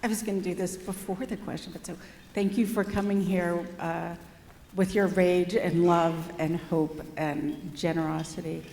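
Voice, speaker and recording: A woman in the audience speaks up, earnest and a little halting, filling pauses as she goes. Her voice sits slightly low. The room is roomy and reverberant, with a long echo trailing her words. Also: steady tone, a little mellow, a little hiss or hum. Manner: hesitant, many fillers, earnest. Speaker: audience member asking a question. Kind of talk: question from the floor. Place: church hall.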